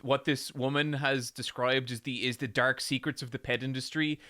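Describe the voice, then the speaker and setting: A man's voice: mid-range voice, pushed and bright, smooth, no echo, studio quality. An Irish man hosting a commentary video, talking animatedly and swearing as he riffs with restarts. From Ireland. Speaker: video essay host. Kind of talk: casual commentary.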